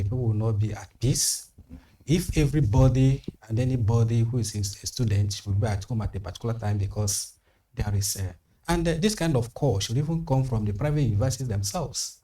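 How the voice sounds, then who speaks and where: A man, a guest on a studio panel, speaking in a measured way and repeating phrases for emphasis. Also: mid-range voice, dark tone. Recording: slightly distant mic.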